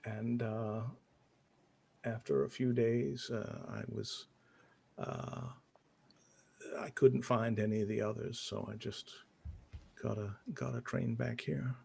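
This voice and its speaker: A man playing a guilt-ridden occult investigator in a tabletop game, telling his story in halting, hesitant bits. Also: mid-range voice, fairly even intonation, gravelly, a little mellow, slightly rough, heavily acted. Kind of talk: in-character tabletop role-play.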